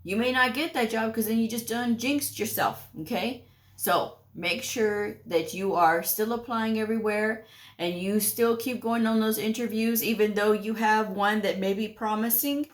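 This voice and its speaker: A woman's voice: a little high, moderate pace. A woman hosting a career advice channel, speaking bluntly and folksy to viewers in a scolding, direct-to-camera way. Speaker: medical coding channel host.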